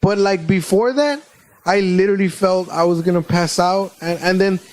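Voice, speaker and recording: A man co-hosting a podcast, telling a personal story in a casual, animated way with plenty of swearing. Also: sits high, low-quality recording. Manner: animated, swearing, quick retelling. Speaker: podcast co-host.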